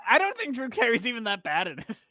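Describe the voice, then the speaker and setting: Woman podcast host, bright tone, dry close mic, casual chatty talk, frequent laughs. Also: fairly high pitch, wildly swooping pitch, fast talker, dry recording. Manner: chatty, laughs often, trails off. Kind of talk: casual chat.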